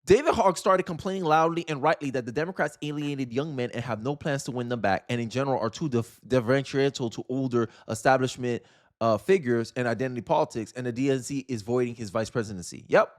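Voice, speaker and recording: A man's voice: medium pitch, quick pace. Exasperated young man ranting commentary. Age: young adult. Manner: exasperated, rambling, frequent restarts. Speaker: commentary channel host. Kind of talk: casual political commentary.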